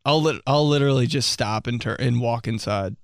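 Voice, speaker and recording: A man's voice: mid-range voice, a little fast, creaky. A young man hosting a podcast, rambling through comic complaints with lots of fillers and sound effects. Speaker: podcast host. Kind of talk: casual comedic podcast monologue.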